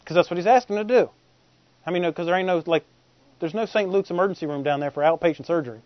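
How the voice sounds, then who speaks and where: Male pastor, high voice, jokey and conversational sermon, dry and dull lo-fi recording. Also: quick pace, dry recording. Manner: humorous, conversational, asks the congregation questions.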